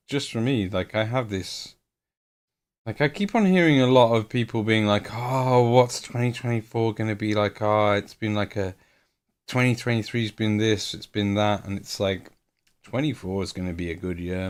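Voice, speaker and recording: A man's voice: lowish voice, moderate pace. Thirtysomething dude streaming while he paints minis, rambly jokey chat, cracks himself up. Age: 30s. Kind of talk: casual live-stream chat.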